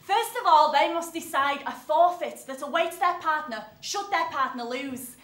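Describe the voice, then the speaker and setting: An actress playing a theatrical game show host who presents with bright, amused showbiz flair. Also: female voice, sits high, moderate pace. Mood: perky. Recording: roomy live stage sound.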